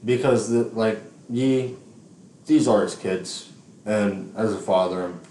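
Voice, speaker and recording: A man's voice: fairly low pitch, takes it slowly, warm tone, a little hiss or hum. A man co-hosting a podcast in casual chat, reading out text messages between bursts of laughter and frequent swearing. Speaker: podcast co-host. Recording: echoey room.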